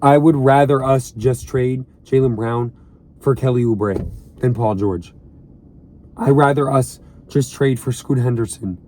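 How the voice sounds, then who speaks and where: A man's voice: medium pitch, steady tone, a little slow, a little mellow, a little hiss or hum. A young man ranting to camera from inside a car, exasperated and repeating his points with heavy emphasis. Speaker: vlogger and sports fan.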